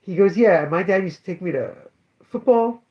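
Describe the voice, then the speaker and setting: Speaking at normal speed in a high-pitched voice, this comic shop owner shares stories about his customers over lo-fi sound. It's a casual spoken daily update, rambling, with plenty of fillers and self-corrections.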